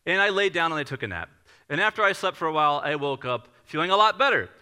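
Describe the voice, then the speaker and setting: A male pastor in his thirties preaches to his congregation with a piercingly bright, edgy tone that sits a little high for a man. He talks in a loose, conversational way, telling stories at his own expense as he builds toward his point. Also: very animated, fast talker, clear, resonant tone. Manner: conversational, self-deprecating storytelling. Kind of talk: sermon.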